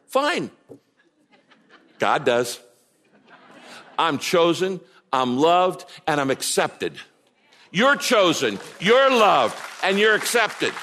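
A man pastor preaching a sermon, swinging from quiet asides to loud, emphatic declarations. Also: on the high side.

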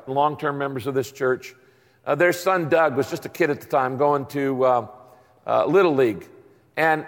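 A male pastor preaching a sermon to his congregation, lively and animated, fond of catchy rhymes and questions to the crowd. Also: on the high side, in a large hall. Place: large church hall.

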